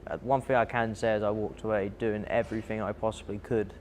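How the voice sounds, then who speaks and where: Young boxer with a low voice, recounting a fight. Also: male voice, a little fast, slight background noise. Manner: vivid, animated retelling with breathy asides. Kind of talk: documentary interview recounting a fight.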